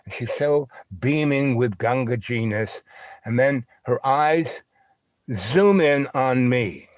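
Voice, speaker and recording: A man hosting a livestream, telling a long rambling anecdote full of fillers and asides, now and then squealing in a high voice for the people in his story. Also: dry recording. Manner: acts out other voices with big high squeals. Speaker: livestream host.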